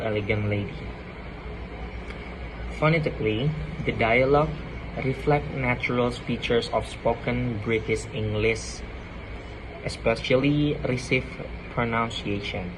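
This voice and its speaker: A man's voice: mid-range voice, noisy background. A young man reading a class presentation, sometimes repeating phrases. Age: young adult. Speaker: student.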